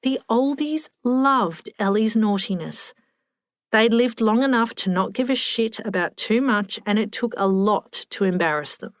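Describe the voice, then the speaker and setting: A woman's voice: medium pitch, measured pace, no room sound, clean studio sound. A woman narrating a novel with a wry storytelling delivery. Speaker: audiobook narrator. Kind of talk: scripted narration.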